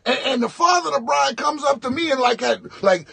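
A male comedian telling a funny story in an animated, fast vlog from inside a tractor, with lots of repetition. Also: very high voice, creaky, no room sound.

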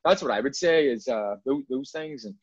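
A bar owner chats casually in an interview, rambling and repeating words as he restarts his sentences. His mid-range voice has a breathy edge, lively intonation and a moderate pace. The recording is dry, with dull lo-fi sound.

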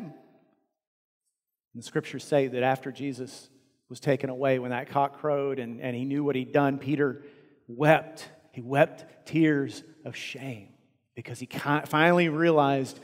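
Earnest Texan preacher in a reverberant sanctuary. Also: male voice, mid-range voice, moderate pace. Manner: earnest, shifts from loud emphasis to hushed near-whisper. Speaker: pastor. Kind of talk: sermon. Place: large church sanctuary.

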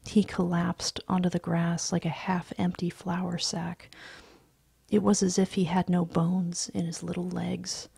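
A woman reading a story aloud in a hushed, breathy, soft-spoken voice. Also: on the low side, flat delivery, a little slow, no room sound, clean studio sound. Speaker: story reader.

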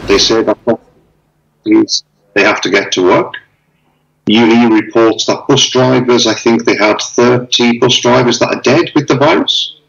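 A man chatting casually on a video call, telling stories with lively acted-out dialogue. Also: mid-range voice, unhurried, creaky, dull audio. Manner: animated storyteller, acts out dialogue. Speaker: interviewee.

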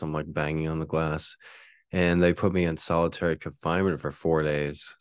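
Deep-voiced man telling a laughing story. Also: no echo, studio quality. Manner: laughing, profane, rambling. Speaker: podcast host. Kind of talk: casual storytelling.

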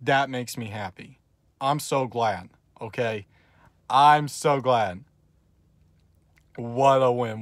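Gleeful slow-talking man. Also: mid-range voice, no room sound. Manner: gleeful, taunting, bursts into loud laughter. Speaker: vlogger. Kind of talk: excited fan reaction vlog.

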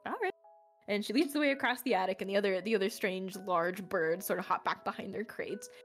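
A woman narrating a tabletop game as game master, casual and halting, with many fillers. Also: mid-range voice, faint music behind.

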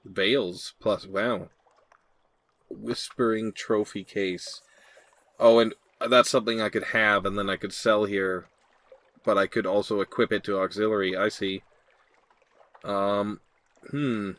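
A man's voice: lowish voice, fairly even intonation, unhurried, a bit bright. A man hosting a game playthrough, reading the game's text aloud and thinking aloud with hesitant ums and hmms. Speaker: let's play host.

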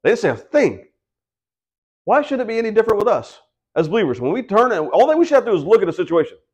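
Casting note: man, high voice, house-church pastor, chatty preaching that slips into the voices of the people he quotes. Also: big pitch swings, quick pace, darkish tone, slightly rough. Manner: conversational preaching, acts out quoted voices, asks the congregation questions. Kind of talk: sermon.

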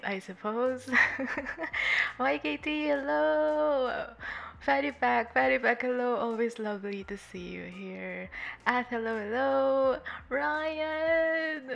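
Nervous giggly lady streamer, a bit tipsy, talks slow, greets chat one by one. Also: a little high, gravelly, fairly bright tone, muffled recording. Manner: giggly, nervous, affectionate with viewers. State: a little tipsy. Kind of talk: casual livestream chat.

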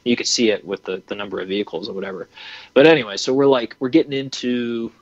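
Animated young man telling a story. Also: mid-range voice, quick pace, dry recording. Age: 20s. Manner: animated, acts out his own reactions, many fillers. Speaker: hunting program founder and podcast guest. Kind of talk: casual storytelling. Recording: dry, slightly dull lo-fi audio.

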